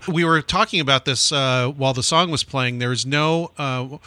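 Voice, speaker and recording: Bright-voiced man chatting as host. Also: mid-range voice, moderate pace, no room sound. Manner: chatty, informative, with restarts. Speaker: podcast host. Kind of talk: casual chat.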